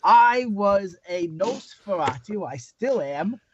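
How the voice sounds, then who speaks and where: A man's voice: high-pitched, lively intonation, slow pace, muffled recording, slight background noise. A man voicing a weak, bumbling old male Nosferatu vampire in a tabletop game, grandiose and self-mocking. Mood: boastful. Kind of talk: tabletop role-play.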